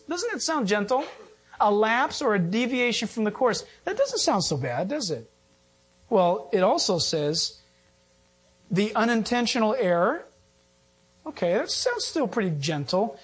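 A pastor preaching a sermon, animated, acting out quotes and joking with the congregation. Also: male voice, high voice, slightly rough. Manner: animated preaching, acts out quotes, jokes and laughs.

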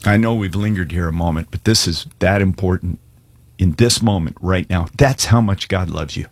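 A man's voice: sits low, moderate pace, dry recording. A male pastor giving an earnest, conversational sermon and altar call, with casual slang.

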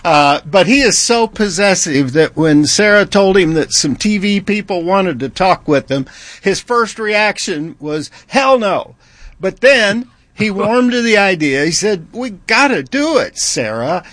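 A man's voice: high voice, animated, a little slow, a bit bright, no room sound. A male talk show host presenting segments in a wry, teasing, amused way.

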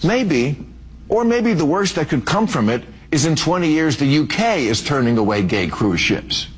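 A man's voice: on the high side, very animated, moderate pace. A man giving a blunt, provocative opinion monologue. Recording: very noisy recording.

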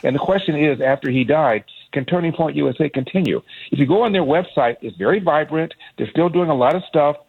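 A man calling in as a guest on a talk radio show, telling stories in a measured, admiring way. He speaks quickly with a slightly husky voice, and the sound is thin and tinny like a phone line. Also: a little high. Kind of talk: phone interview.

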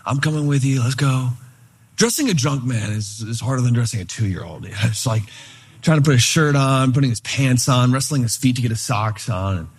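A man delivers a sermon in an easygoing, conversational style. His voice is a little husky, at an ordinary middle pitch. He retells a personal story, slipping into quoted voices as he goes. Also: expressive, normal speed. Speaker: pastor.

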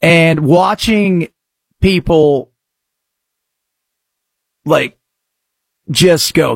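A middle-aged man hosting a talk show, speaking sarcastically and breaking into mock shouts. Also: fairly high pitch, big pitch swings, measured pace, pauses often, breathy edge, no room sound, clean studio sound. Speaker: radio talk show host. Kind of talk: sarcastic political talk commentary.

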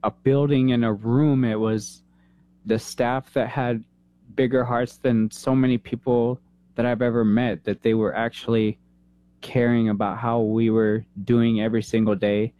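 A man in his thirties, a veteran, telling an emotional personal story in an interview, earnest and halting, holding back tears. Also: medium pitch, flat delivery, mellow, dry recording. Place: San Antonio, Texas.

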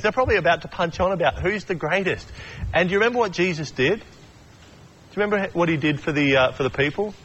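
A young adult man gives a relaxed, conversational sermon, with a voice sitting a little higher than most men's. He tells stories in a chatty way and slips into quick voices for the people in them. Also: breathy edge, muffled recording. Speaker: pastor. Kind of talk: casual sermon.

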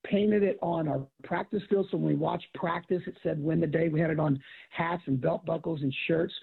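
High gravelly guy, husky, sounds like a phone line, coach telling stories. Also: moderate pace. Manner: animated storyteller acting out quotes. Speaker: guest, author and former football coach. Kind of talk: casual storytelling conversation. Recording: tinny phone-like audio.

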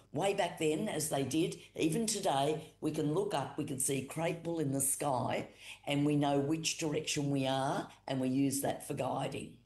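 A woman with an Australian accent telling a traditional creation story as a storyteller, unhurried and repetitive, with fillers. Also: deep voice, a little mellow. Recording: roomy echo.

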